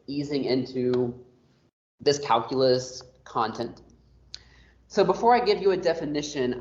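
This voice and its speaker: A man teaching an online math class, explaining casually with lots of fillers. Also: medium pitch. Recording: roomy, dull lo-fi audio.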